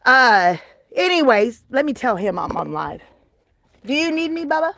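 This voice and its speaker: A woman's voice: high voice, sing-song, normal speed, creaky, a bit bright, dry recording. A woman chatting casually on a live stream from home, folksy and self-mocking as she shows off her handmade blankets.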